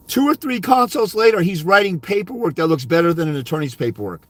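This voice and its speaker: Male consultant, high-pitched and dry. Berating, profane livestream ranter. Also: expressive, fast talker, few pauses, no room sound. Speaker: fathers' rights consultant. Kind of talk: ranting livestream monologue.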